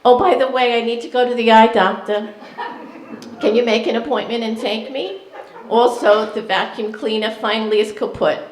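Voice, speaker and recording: A worried elderly mother with a New York accent nags and bosses her grown child in a high, strained voice, as a woman puts her on. The fussing never stops. The sound carries the echo of a lounge. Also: lightly acted. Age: older. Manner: nagging, worried, bossy. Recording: echoey room, live crowd.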